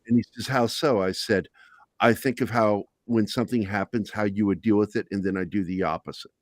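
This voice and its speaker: A man's voice: fairly low pitch, fairly even intonation, brisk, no echo, clean studio sound. A middle-aged man hosting a talk show, telling candid personal stories in a blunt, profane, self-deprecating way. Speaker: podcast host.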